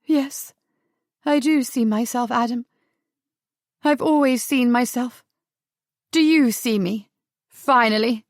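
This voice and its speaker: A woman's voice: a little high, takes it slowly, pauses often, dry recording, studio quality. A woman voicing a drunk, bitter young woman who talks in a sneering, cutting way.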